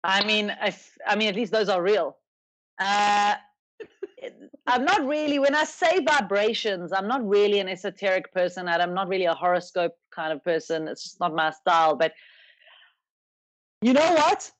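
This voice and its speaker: A woman's voice: mid-range voice, lively intonation, normal speed. A South African woman comedian speaking as a guest in a casual interview, emphatic and given to stammered repeats and comic exaggeration.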